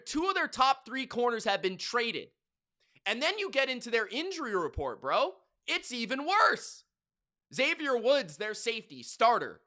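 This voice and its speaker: A man's voice: high voice, pushed and bright. A man hosting a sports betting picks show, talking in a brash, slangy hype style. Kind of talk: hyped sports betting monologue.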